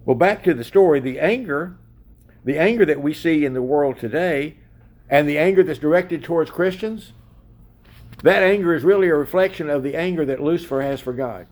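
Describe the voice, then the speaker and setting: A man's voice: on the high side, a little mellow. Male preacher with a slightly raised voice, emphatic sermon delivery that puts questions straight to the congregation. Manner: emphatic, questions the audience directly.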